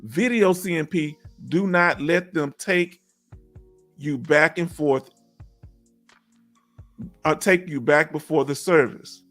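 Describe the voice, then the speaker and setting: Man, middle-aged, high-pitched, folksy livestream host who encourages viewers, faint music bed. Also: slow pace, pauses often, fairly bright tone. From Houston, Texas. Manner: folksy, encouraging, reads viewer comments aloud. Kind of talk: casual livestream chat.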